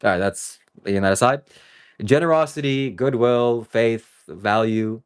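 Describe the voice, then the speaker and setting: A man's voice: medium pitch, a little slow, clean tone. A man talking to his live-stream viewers in a rambling, casual way that swings between joking and earnest. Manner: talks straight to viewers. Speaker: livestreamer.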